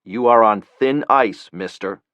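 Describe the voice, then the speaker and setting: A stern American president, as a male narrator puts him on in an audiobook. He speaks in a controlled, commanding way with a low, dry voice. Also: a little slow, a bit bright, no room sound.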